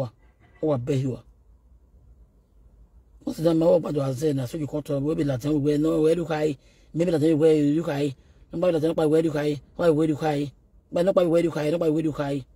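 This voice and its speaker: A Nigerian man with a rough voice, ranting and taunting as he addresses a rival directly, slipping between pidgin and Yoruba. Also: on the high side, fairly even intonation, fairly quick, long pauses, mellow, dry recording. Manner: scolding, taunting, code-switching into Yoruba. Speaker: online video host.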